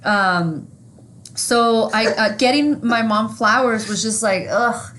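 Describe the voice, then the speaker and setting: A woman co-hosting a podcast, telling stories in a casual, profane, animated way. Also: fairly high pitch, takes it slowly, slight background noise. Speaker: podcast co-host. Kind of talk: casual chat.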